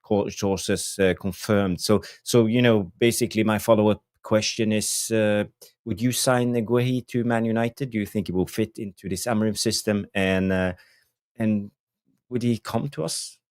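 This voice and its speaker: An easygoing man co-hosting a football chat show, who laughs along and then steers the talk back on track. His voice sits low. The sound is dry and close, with no room echo. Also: steady tone, normal speed, darkish tone. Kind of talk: casual chat.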